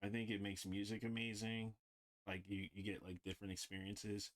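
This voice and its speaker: Deep voiced guy rambling on stream while drawing, says like a lot. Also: little pitch movement, moderate pace. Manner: rambling, heavy use of "like". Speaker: livestreamer. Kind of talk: casual chat while drawing.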